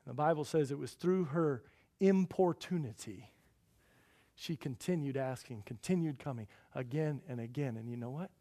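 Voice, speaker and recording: A man's voice: mid-range voice, normal speed, dark tone. A male pastor delivering a sermon, preaching emphatically and repeating key phrases for weight.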